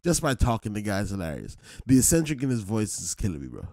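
A man's voice: on the low side, huge pitch swings, fast, darkish tone, no echo, clean studio sound. A man hosting a reaction video, chatting casually in slang and saying "bro" often. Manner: laid-back slangy, says bro a lot. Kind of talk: casual chat.

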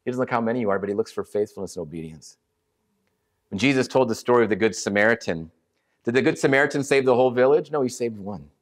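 A man's voice: medium pitch, quick pace. A middle-aged man preaching to a church, earnest and conversational, telling a story with many restarts. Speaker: ministry leader speaking at a church. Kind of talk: sermon with storytelling.

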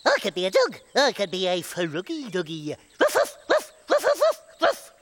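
A woman voicing a playful, excitable little frog creature who barks like a dog in a children's TV show. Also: mid-range voice, moderate pace. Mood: playful barking. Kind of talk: children's TV character acting.

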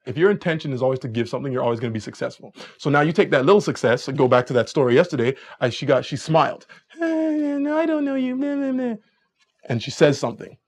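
A young adult man giving a live dating lecture as a coach, energetic and chatty, acting out quoted lines in higher voices. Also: rapid-fire, few pauses, husky.

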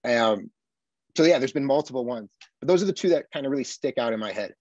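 A man from the United States, a podcast guest, telling his experiences in an earnest, animated way with frequent tag questions. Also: mid-range voice, fast talker, dry recording, lo-fi sound. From Buffalo, USA. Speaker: podcast guest, army veteran. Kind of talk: casual conversation.

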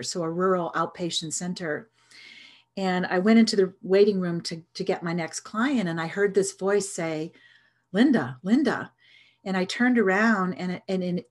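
A middle-aged woman telling a personal story in an earnest, reflective way, with hesitant restarts. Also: on the low side. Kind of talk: storytelling talk.

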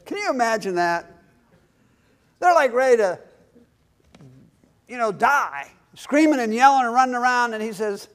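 A man's voice: sits high, expressive, moderate pace, long pauses, fairly bright tone. A male pastor preaching a sermon, emphatic, with call-and-response questions to the congregation. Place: church.

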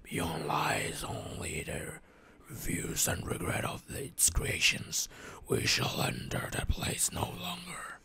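This is an ancient voice speaking from a sacred inscription. It comes as a very low, gravelly whisper, dragged out slowly and hissing with a bright, edgy bite. The pitch sweeps wide and dramatically through each line. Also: female voice, huge pitch swings, heavily acted. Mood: solemn, ominous. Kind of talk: dramatic reading of game text.

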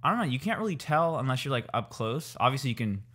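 A man's voice: medium pitch, very animated, fast, fairly bright tone. A man in his twenties co-hosting a casual podcast chat, talking with a slight lisp from new braces in a laid-back, slangy way. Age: 20s. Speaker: podcast co-host.

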